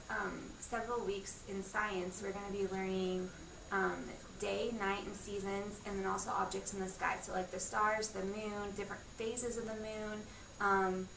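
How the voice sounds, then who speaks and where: A woman teacher listing the upcoming science lessons for parents. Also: medium pitch. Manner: listing, flat delivery. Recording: echoey room, far from the mic, clear background noise.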